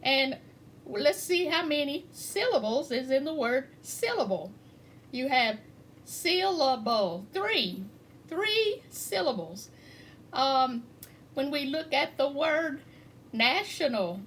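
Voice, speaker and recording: A woman poetry teacher explaining a writing lesson in an unhurried way, repeating key words with plenty of fillers. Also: high-pitched, very animated, a bit bright, slight background noise. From eastern Kentucky.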